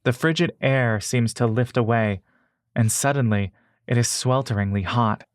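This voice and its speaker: A man narrating a fantasy adventure story in the second person, in a measured, steady way. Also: mid-range voice, dry recording, studio quality.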